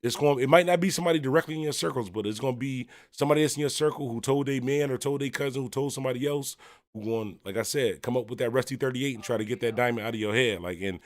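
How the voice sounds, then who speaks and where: Fast-talking man hosting a casual livestream. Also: mid-range voice, dry recording. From Buffalo, New York. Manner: rambling and conversational, full of fillers and shout-outs. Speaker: host of a music talk livestream. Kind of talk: casual livestream chat, reading viewer comments.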